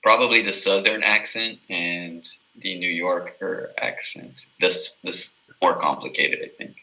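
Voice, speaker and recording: A native English tutor from Miami, USA, chats loosely in a casual live session, saying "like" and "you know" constantly. His voice is deep and steady, a little slow with a sharp tone, on a low-quality recording.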